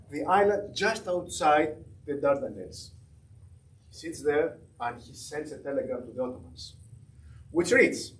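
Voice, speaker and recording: A man gives a passionate history presentation in a church hall, telling it as a story with emphatic rises. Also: sits high. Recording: distant mic with faint room noise.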